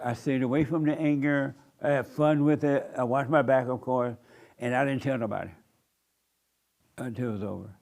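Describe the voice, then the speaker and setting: In a slightly high male voice, a pastor and show host relates a story in a loose, colloquial way. He laughs frequently and throws out punchy retorts.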